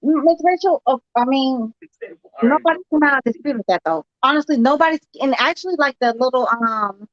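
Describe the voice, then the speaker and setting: A woman in casual podcast chat, hesitant and halting, with many fillers as she makes her point. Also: high-pitched, dry recording. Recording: dull dry lo-fi sound.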